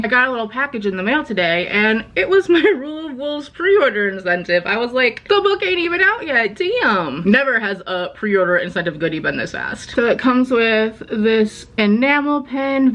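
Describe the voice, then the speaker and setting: A woman in her twenties, chatting casually and gushing about a book on her vlog, full of "like" fillers. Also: mid-range voice. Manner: gushing, animated, lots of "like" fillers. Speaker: book vlogger. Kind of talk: casual chat.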